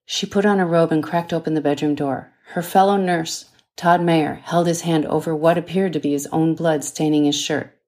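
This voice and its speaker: A woman, the author, reading her own thriller novel aloud in a measured, dramatic way. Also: deep voice, steady tone, a little mellow. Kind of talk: audiobook narration.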